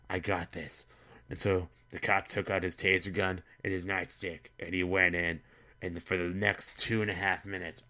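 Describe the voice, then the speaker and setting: A man's voice: deep voice, bright, forceful tone. A man telling an absurd, crude comedy story in a rambling way as the show's narrator.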